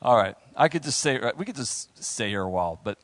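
A man preaching and reading scripture, breaking into lively, joking asides to the congregation. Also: medium pitch, a little fast, no room sound. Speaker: preacher leading a Bible study.

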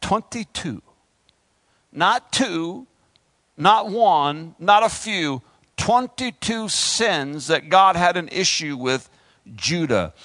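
A man's voice: high-pitched, animated, slow, fairly bright tone, dry recording. A man preaching a fervent sermon, calling out to the congregation and swinging his delivery up and down. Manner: fervent call-and-response preaching, rising and falling.

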